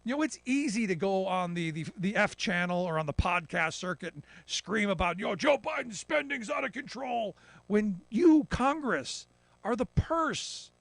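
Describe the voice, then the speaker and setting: Animated high-voiced male commentator. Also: normal speed, dry recording. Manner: animated, mocking imitations of politicians. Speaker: political commentator. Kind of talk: radio talk show commentary.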